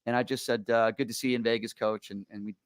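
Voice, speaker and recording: Man, radio host, rapid storytelling, stumbling restarts, dry close sound. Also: medium pitch, flat delivery, clear, resonant tone, dry recording. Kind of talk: casual storytelling chat.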